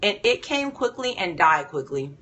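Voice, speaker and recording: A woman voicing a patient divine father figure who reasons calmly with a wayward man. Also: fairly low pitch, normal speed, slight background noise. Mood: reasoning.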